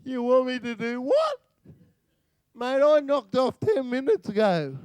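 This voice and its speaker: An Australian man voicing a lazy, cheeky male starship officer, high and loud. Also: sing-song, a little slow, clean tone, dry recording, full character voice. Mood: indignant.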